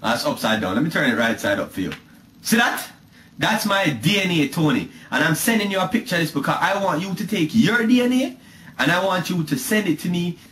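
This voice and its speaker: A man with a Jamaican accent delivering a mocking, animated comic rant to a webcam. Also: high voice, a little fast, slight background noise. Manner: animated, mocking, drifting into sing-song. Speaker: comedy vlogger. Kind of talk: ranting comic monologue to camera. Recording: echoey room with faint music.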